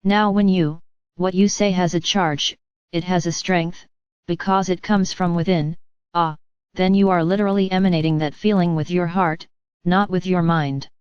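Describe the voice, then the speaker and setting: Calm, smooth-voiced woman giving spiritual teaching. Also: on the low side, no echo, muffled recording. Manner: calm, measured, gently instructive. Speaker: channeled spiritual messenger. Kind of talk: spiritual address to listeners.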